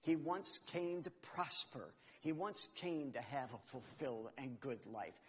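A man's voice: medium pitch, steady tone, a little slow, a bit bright, husky, big-room sound. A man giving a sermon, explaining Scripture in an earnest, teaching way and reading verses aloud. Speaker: preacher.

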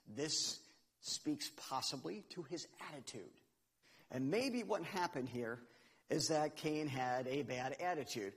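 A man's voice: fairly high pitch, breathy edge, big-room sound. A man giving a sermon, explaining Scripture in an earnest, teaching way and reading verses aloud. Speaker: preacher.

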